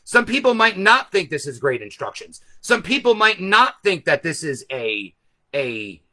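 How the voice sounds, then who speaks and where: Loud, animated man explaining to viewers. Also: sits high, measured pace. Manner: speaks loudly. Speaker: host. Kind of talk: live stream talk to viewers. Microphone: camera set back from him.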